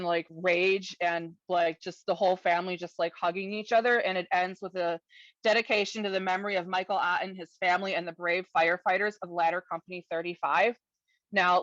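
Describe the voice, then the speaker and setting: A woman's voice: on the low side, a bit bright, dry recording, highs cut off. A woman co-hosting a comics podcast, chatting casually and emotionally, with many fillers. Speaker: podcast co-host reviewing comics.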